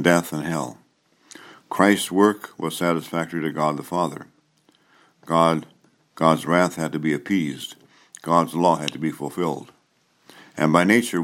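A male pastor preaching and then leading confession, absolution and prayers in a solemn, measured way. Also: extremely low pitch. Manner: solemn, measured liturgical delivery. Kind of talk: sermon and liturgy.

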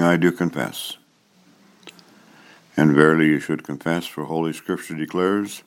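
A man with a profoundly low voice serving as pastor, preaching and leading the congregation through confession and prayer. He speaks in a solemn, measured liturgical cadence. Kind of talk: sermon and liturgy.

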